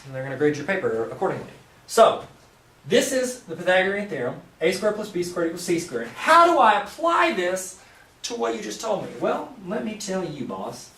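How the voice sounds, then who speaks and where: A man gives a math lesson at a board, his fairly high voice jumping lively up and down. He explains each step plainly and keeps slipping in playful jokes to the viewer. The sound is roomy, picked up from some way off the mic. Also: distant mic, a little hiss or hum. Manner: playful, jokey asides to the viewer. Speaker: math teacher. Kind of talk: joking whiteboard math lesson. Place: room with a whiteboard.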